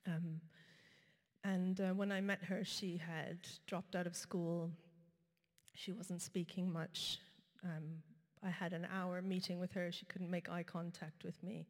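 A woman preaching a sermon, telling a personal story in a conversational way with frequent pauses and fillers. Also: on the low side, little pitch movement. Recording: reverberant hall.

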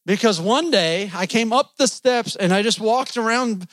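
High-voiced folksy preacher, dry sound. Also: male voice, moderate pace, a bit bright, dry recording. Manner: folksy, joking with the congregation. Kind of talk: sermon. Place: church.

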